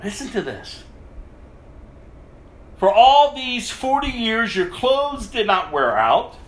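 A man preaching a sermon as pastor, animated, laughing often and mimicking whiny voices. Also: high voice, slow pace, reverberant, a little hiss or hum, rough recording.

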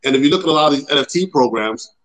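Founder type, earnest man, speaks haltingly while making his case. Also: on the high side, animated, a bit bright, poor audio. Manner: earnest, with many hesitations. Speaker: project founder. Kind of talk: casual explanatory talk.

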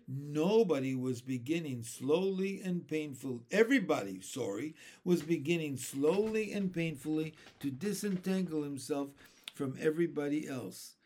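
Slow, expressive man reading a storybook. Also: a little high. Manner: expressive storytelling with small slips. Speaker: reader. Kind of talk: reading a children's book aloud.

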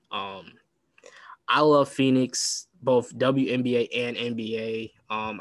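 A man's voice: mid-range voice, dry recording. A man hosting a casual sports talk show, chatty and rambling, with plenty of restarts and fillers. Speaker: podcast host.

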